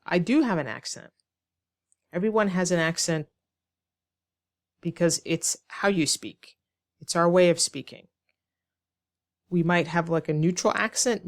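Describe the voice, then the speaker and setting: A woman teaching an online English lesson, explaining slowly and clearly with rhetorical questions to her students. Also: low-pitched, a little mellow, no echo, studio quality. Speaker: ESL teacher.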